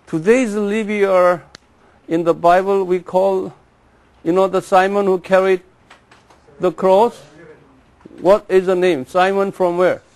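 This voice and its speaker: A man giving a classroom lecture, repeating names slowly and having the class say them after him. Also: high-pitched, flat delivery, a little mellow. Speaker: Bible teacher.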